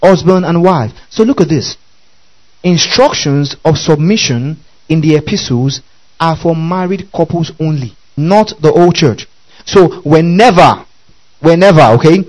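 A man's voice: a little high, darkish tone, poor audio. A man preaching a Bible-teaching sermon, often asking the congregation whether they follow. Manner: keeps checking the audience follows, repeating questions.

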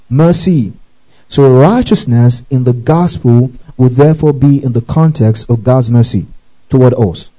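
A man's voice: medium pitch, warm tone, low-quality recording. A man preaching a teaching sermon, reading scripture with asides, often asking if listeners follow and breaking into praise exclamations. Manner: reads scripture aloud with asides.

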